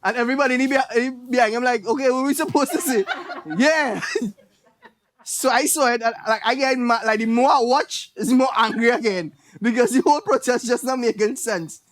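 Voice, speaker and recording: Very high-pitched and brisk, a comedian with a Trinidadian accent delivers a stand-up routine full of animated tales and impressions of his relatives.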